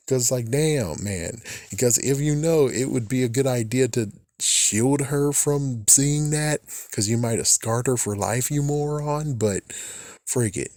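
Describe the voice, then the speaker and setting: At a slow pace and with a darkish tone, a man rants casually about a TV episode as a fan, cursing often, mocking characters loudly and mimicking their lines higher. The recording is dry.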